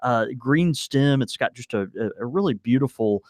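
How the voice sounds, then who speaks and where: A man co-hosting a casual podcast, talking in a halting way with many fillers and restarts. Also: medium pitch, lively intonation, no echo, clean studio sound. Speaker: podcast co-host. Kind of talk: casual chat.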